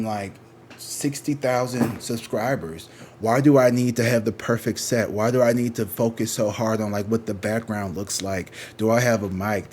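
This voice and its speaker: A man's voice: on the low side, a little mellow, slight background noise. A man who reads tarot, chatting casually and rambling to his viewers, slangy and swearing freely. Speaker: tarot reader.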